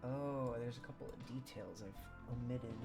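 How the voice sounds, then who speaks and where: A woman's voice: very deep voice, moderate pace. A woman chatting casually on a livestream while she draws, making playful, teasing asides. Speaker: streamer drawing on stream. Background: music.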